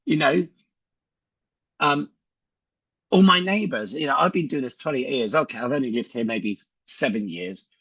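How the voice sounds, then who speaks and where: A man's voice: medium pitch, moderate pace, long pauses, sharp tone, husky, no echo, lo-fi sound. A man giving a chatty sales training talk on a video call, telling stories and acting out conversations. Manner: chatty storyteller who acts out dialogue.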